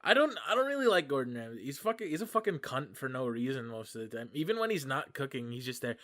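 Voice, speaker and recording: A man's voice: medium pitch, sing-song, quick pace, hardly any pauses, a bit bright. A man guesting on a podcast, chatting casually in a blunt, profane way. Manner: blunt, profane, laughs easily. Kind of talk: casual chat.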